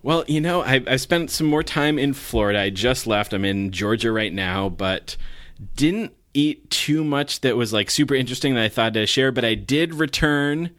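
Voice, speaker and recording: A man's voice: mid-range voice, animated, normal speed, fairly bright tone, no echo. A man co-hosting a casual podcast, upbeat and jokey as he reads out announcements. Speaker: podcast co-host.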